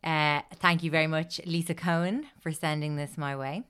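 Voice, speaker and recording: A woman's voice: deep voice, fairly even intonation, moderate pace, fairly bright tone, clean tone. A woman co-hosting a podcast, telling a story in casual, sweary chat and laughing often.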